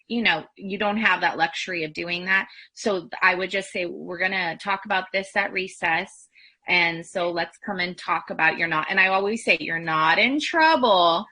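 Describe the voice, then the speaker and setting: A woman's voice: mid-range voice, bright, forceful tone, husky. A woman, a former first grade teacher, giving earnest, practical advice to parents as an interview guest. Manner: earnest, practical, acts out dialogue.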